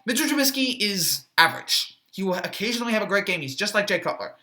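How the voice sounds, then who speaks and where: A man with a bright, forward voice delivers a casual football reaction monologue. He wanders through his points with plenty of "uh"s and restarts, sharing blunt opinions with a dry, sarcastic edge. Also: high-pitched, very animated, fast. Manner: rambling, chatty, frequent fillers and restarts. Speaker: sports reaction YouTuber.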